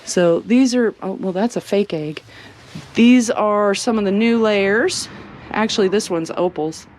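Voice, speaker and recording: A woman chatting casually as she walks through her homestead showing the animals, sometimes cooing at them in a high sing-song. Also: a little slow, darkish tone, a little hiss or hum. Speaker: homestead vlogger. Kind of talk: casual walking tour vlog. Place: outdoors on a homestead among animals.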